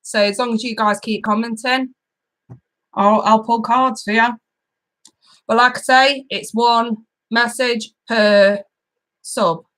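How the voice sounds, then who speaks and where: A woman's voice: fairly high pitch, steady tone, slow, long pauses, a bit bright. A woman hosting a live tarot stream, chatting casually and giggling as she greets viewers by name.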